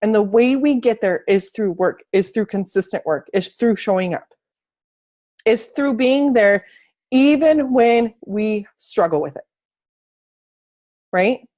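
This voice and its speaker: A fitness and life coach leads an online group over a video call, giving a casual, earnest motivational talk and repeating phrases for emphasis before drifting into loose chat with fillers. Her medium-pitched voice has a dark tone, and she speaks slowly with frequent pauses.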